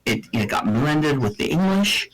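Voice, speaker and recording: A man in loose banter on a chat show, spinning a long rambling tale. His voice sits fairly high and swings widely up and down. He swears freely and drops into mock accents. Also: very animated, a little slow, poor audio. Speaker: podcast co-host. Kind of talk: casual banter.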